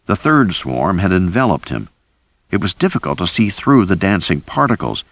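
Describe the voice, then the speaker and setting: A man reading a thriller audiobook in first person, with a steady, deep delivery. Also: normal speed. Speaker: audiobook narrator. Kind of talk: scripted first-person narration.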